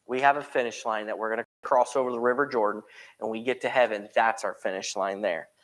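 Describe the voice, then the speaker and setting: A man's voice: on the low side, steady tone, quick pace. A man with an American accent teaching a church Bible study in a conversational way. He often checks in with the room and briefly acts out voices he quotes. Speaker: preacher.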